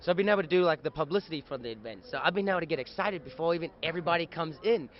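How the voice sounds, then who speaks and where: A young actor guest with a fairly high voice tells stories very fast in a lively, joking, chatty way during a casual convention interview. The recording is dull and lo-fi, captured outdoors at a busy event.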